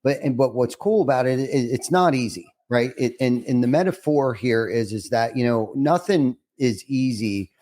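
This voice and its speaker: A man hosts a relaxed podcast interview, earnest and reflective. His voice is mid-pitched and ordinary. He stumbles and restarts as he gathers his thoughts. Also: moderate pace, hardly any pauses. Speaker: podcast host.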